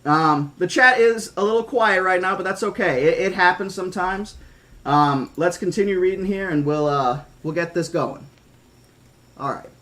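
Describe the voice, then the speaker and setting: A man's voice: high voice, moderate pace, pushed and bright. A man streaming live, emotional and near tears, stammering out thanks to his viewers in casual chat. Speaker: streamer reading a novel aloud.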